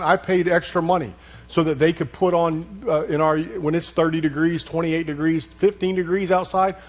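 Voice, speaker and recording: A man pastor teaching a leadership session in a conversational preaching style, joking and firing repeated questions at the room. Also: fairly high pitch.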